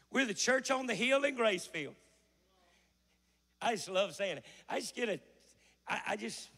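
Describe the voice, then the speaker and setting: A pastor preaches in a folksy way, his voice high and gravelly with a bright, forceful edge. His voice carries a long reverb from the church hall around him. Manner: folksy, preaching in a rising shout. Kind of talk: sermon. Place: church sanctuary.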